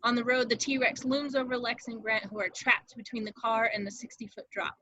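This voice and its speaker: Brief: female narrator, dramatic stage-direction reading, bright, slightly high voice, dry, muffled lo-fi mic, amateur table read. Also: little pitch movement, brisk, dry recording.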